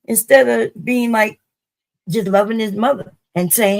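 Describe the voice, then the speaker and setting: Gravelly woman arguing her point. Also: on the high side, measured pace, rough recording. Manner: argumentative, questioning, casual. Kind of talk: casual panel debate.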